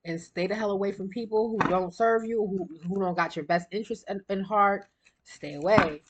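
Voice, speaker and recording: A woman's voice: medium pitch, background noise. A woman giving a casual spiritual card reading, chatty and rambling, and a little out of breath. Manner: chatty, rambling, quick bursts of laughter. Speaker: tarot card reader.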